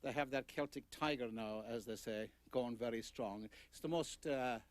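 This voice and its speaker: An older man, an author, telling rambling anecdotes at a book talk with many pauses and fillers. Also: medium pitch, no echo. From Ireland.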